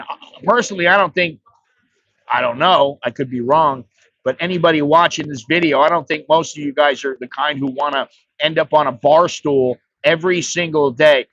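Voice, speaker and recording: Blunt American man, slightly higher voice. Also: fairly bright tone, dry recording, muffled recording. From United States. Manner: blunt, profane, rambling. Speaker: vlogger. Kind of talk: casual livestream advice.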